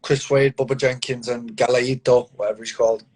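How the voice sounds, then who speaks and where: A Mancunian fighter in his thirties talks bluntly and confidently in a casual interview over a phone or video call. His mid-range voice is level, darkish and fairly quick, and he swears often and calls the host mate.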